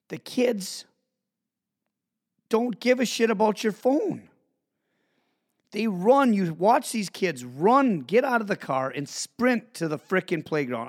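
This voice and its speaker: A man with a fairly high voice rants into his podcast mic, swearing freely. His pitch leaps all over the place, dropping to low grumbles and then jumping up into shouts. He sounds like a worked-up host sounding off to his listeners. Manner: animated, profane, swings from mutters to shouts. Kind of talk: ranting monologue.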